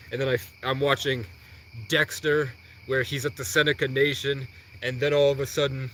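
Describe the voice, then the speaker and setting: On a livestream, a young man with a mid-range voice spins a long, rambling personal story, acting out the dialogue with animated energy and quoting others in rapid exchanges. A faint hiss or hum sits under the audio.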